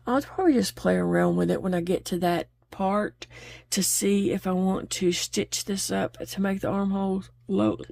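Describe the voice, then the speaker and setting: A woman's voice: mid-range voice, creaky, a little mellow, dry recording. A woman chatting openly while she crochets, laughing easily as she talks. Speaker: crochet vlogger. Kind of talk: casual chat while crocheting.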